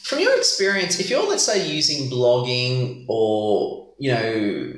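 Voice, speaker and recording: Male host, jokey, lively pitch, very echoey room. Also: slow, slight background noise. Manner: jokey, animated, rambling questions. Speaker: interviewer, host. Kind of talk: casual interview chat.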